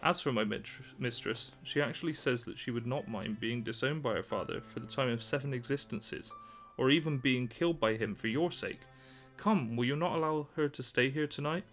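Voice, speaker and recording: A man's voice: mid-range voice, moderate pace, faint music behind, natural voice. A man reading a story aloud, voicing a young woman servant who talks eagerly and at length. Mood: pleading. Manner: excited, talkative, pleading.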